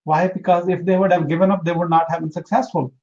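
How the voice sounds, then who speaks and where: Earnest high-voiced man giving advice. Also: little pitch movement, fast talker, a little mellow, muffled recording. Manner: earnest, emphatic, repeats for emphasis. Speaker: interview guest, entrepreneur. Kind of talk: motivational interview talk.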